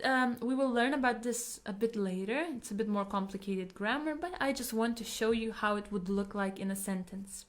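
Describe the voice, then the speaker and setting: A woman teaching language grammar, patiently explaining and repeating example sentences slowly. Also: mid-range voice.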